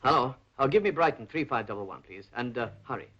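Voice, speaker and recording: An actor playing a nervous crook, speaking hesitantly. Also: male voice, medium pitch, animated, fast talker, a bit bright. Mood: anxious. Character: tense Italian crook on the run. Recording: dull old film soundtrack.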